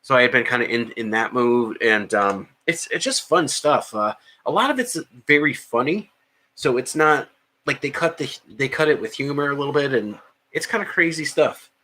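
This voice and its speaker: A man's voice: mid-range voice, lively intonation, normal speed, sharp tone. A man co-hosting a podcast, chatting casually about movies with lots of fillers and restarts. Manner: rambling, many fillers and restarts. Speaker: podcast co-host.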